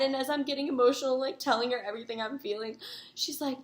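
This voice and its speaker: A young woman vlogger telling a story to the camera in a rambling, excitable way, with many fillers and asides to her viewers. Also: high voice, a little fast. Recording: echoey room.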